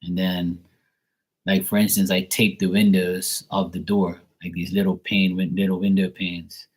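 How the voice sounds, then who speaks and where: Low husky-voiced man rambling casually. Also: level tone, unhurried. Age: 40s. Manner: rambling, heavy use of filler words. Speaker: tarot reader and channel host.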